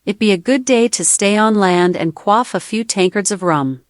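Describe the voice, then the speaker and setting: A woman's voice: medium pitch, dry recording, studio quality, lightly acted. A synthetic woman's voice putting on a swaggering pirate, full of pirate slang. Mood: playful. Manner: pirate slang, drawn-out sea talk. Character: swaggering pirate talking to her captain.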